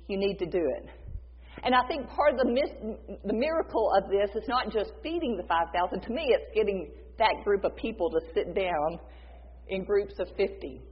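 Woman preacher, casual storytelling sermon, acts out the dialogue; breathy, heard in a muffled, echoing hall. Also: medium pitch. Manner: lively, acts out dialogue, conversational. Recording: dull echoey hall sound.

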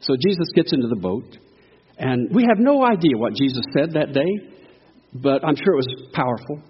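A man's voice: mid-range voice, very animated, moderate pace, slight background noise. A man preaching a sermon to a church in a folksy, call-and-response style. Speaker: guest preacher. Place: church sanctuary. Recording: echoey hall, dull lo-fi sound.

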